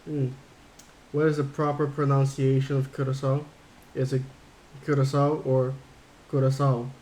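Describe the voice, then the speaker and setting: A man's voice: mid-range voice, completely flat delivery, normal speed, mellow, slight background noise. A man livestreaming a game, chatting casually and rambling as he thinks aloud while reading chat. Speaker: game streamer.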